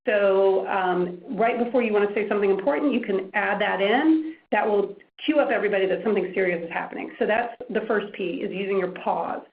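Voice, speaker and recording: A woman presenting a media training workshop, demonstrating how to use pause, pitch, pace and projection. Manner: animated, demonstrating voice techniques. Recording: echoey room, lo-fi phone-like sound.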